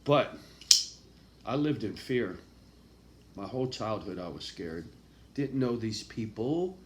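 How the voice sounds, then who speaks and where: A man in a raw, confessional monologue, swearing constantly and swinging from quiet, low talk to loud, angry outbursts. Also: animated, slow, heavy background noise. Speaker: vlogger.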